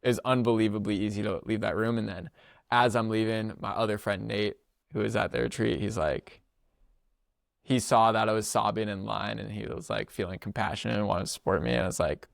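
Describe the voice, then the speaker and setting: A young man with a low, gravelly voice tells a story on his podcast in a loose, rambling way, with plenty of slang and quick laughs. The sound is close and dry. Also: steady tone, dry recording. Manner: rambling, laughs often, filler-heavy slangy speech. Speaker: podcast co-host. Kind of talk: casual storytelling chat.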